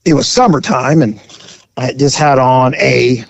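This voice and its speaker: A man's voice: mid-range voice, measured pace, creaky, no room sound, lo-fi sound. A man hosting a podcast, telling a story in a rambling, joking way. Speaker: podcast host.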